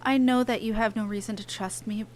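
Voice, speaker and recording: An actress voicing a mysterious, earnest young woman in a video game cutscene, speaking in a halting, pleading way. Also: a little high, fairly even intonation, a little hiss or hum, close to an everyday voice. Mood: urgent pleading. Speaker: game character.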